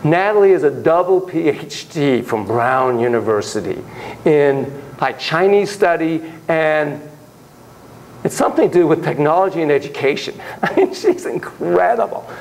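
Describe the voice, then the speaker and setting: Animated man lecturing a class. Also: fairly high pitch, moderate pace, creaky, a little hiss or hum, poor audio. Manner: animated, acts out quoted voices, laughs and digresses. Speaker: psychology lecturer.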